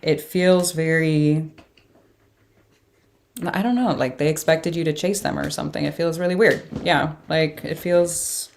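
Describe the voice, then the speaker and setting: Low-voiced woman reading tarot. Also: measured pace, vocal fry, slight background noise. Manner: reacts aloud to cards with surprised exclamations and laughs. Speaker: tarot reader.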